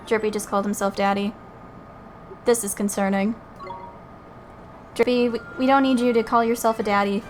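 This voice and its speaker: A woman's voice: medium pitch, steady tone, normal speed, long pauses, a little mellow, a little hiss or hum. A young woman streaming a game, making casual, amused asides with some swearing. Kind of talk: casual live-stream commentary.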